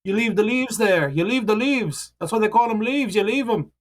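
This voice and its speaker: A man's voice: sits high, expressive, normal speed, a little hiss or hum, pitched above the performer's own voice. A man putting on a cranky old Danish woman. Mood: scolding. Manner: scolding, put-on Danish accent.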